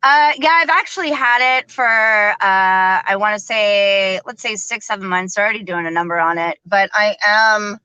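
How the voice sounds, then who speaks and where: A woman's voice: mid-range voice, normal speed, hardly any pauses, bright, forceful tone, clear, resonant tone, no echo, muffled recording. A woman hosting a live stream in casual chat, chatty, laughing often and using lots of fillers. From American South.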